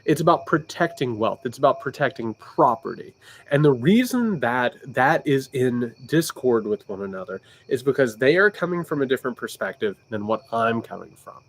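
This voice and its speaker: Animated man with a Southern Indiana accent. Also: medium pitch, moderate pace, a little hiss or hum. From Indiana, United States. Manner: loose and candid, sipping bourbon, reading viewer questions; animated, with frequent restarts. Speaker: political commentator livestream host. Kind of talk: casual livestream talk.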